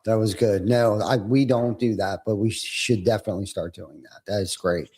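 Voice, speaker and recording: Low-voiced middle-aged podcast host. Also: male voice, steady tone, slightly rough. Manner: warm, affirming, quick agreement. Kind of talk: casual podcast chat.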